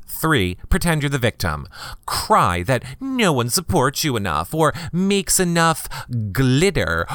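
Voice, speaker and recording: A man hosting a comedy podcast, reading gossip blogs aloud in a campy, sarcastic way with quick asides to listeners. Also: fairly bright tone, no room sound. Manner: campy, sarcastic, swoops into high mock voices.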